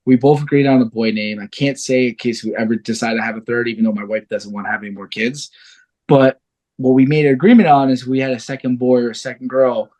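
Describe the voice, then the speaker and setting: A fighter in his thirties, guesting on a podcast, tells stories in casual chat with a mid-range voice at a quick pace. He's an animated storyteller who swears freely.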